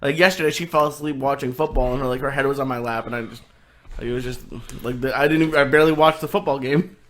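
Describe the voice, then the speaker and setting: A man co-hosting a podcast, chatting softly and hesitantly with many fillers. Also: medium pitch, fairly even intonation, quick pace. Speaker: podcast co-host. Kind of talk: casual chat.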